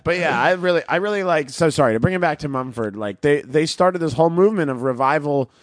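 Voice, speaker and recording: A man co-hosting a podcast in casual chat, talkative and laughing often, dropping into quick voice impressions. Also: fairly high pitch, lively intonation, no room sound, clean studio sound. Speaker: podcast co-host.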